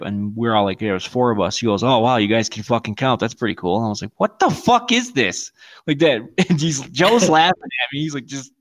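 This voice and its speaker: A man co-hosting a podcast in casual chat, telling profane stories and acting out the quotes. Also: medium pitch. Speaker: podcast co-host.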